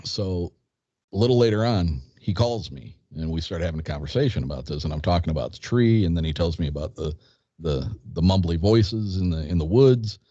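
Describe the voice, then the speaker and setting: A man in his fifties with a low, mellow voice tells a story at his own unhurried pace, acting out dialogue and often restarting his sentences. The sound is dry and dull, a bit lo-fi. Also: animated, dry recording. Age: 50s. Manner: rambling anecdote, quotes dialogue, hesitant restarts. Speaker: guest. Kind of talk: casual storytelling.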